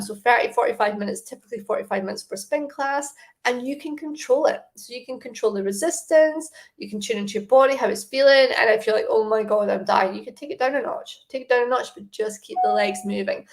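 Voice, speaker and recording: Chatty woman coaching fitness. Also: a little high. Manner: encouraging, chatty, asks the listener questions. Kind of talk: casual advice talk to camera.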